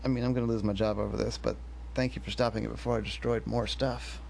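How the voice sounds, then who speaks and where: A flustered, panicky engineer mother rambles and frets in a gravelly voice, as a man puts her on in his own story voice. Her pitch stays in a man's middle range. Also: flat delivery, fast, darkish tone, a little hiss or hum, close to an everyday voice. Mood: fretful. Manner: rambling, fretful.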